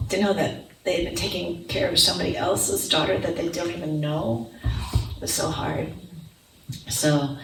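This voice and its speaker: A woman's voice: fairly low pitch, vocal fry. A middle-aged woman speaking at a conference, animatedly telling a personal testimony and acting out the voices of the people in it. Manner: animated storyteller, acts out quoted voices. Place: conference hall. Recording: echoey hall, distant mic, noisy.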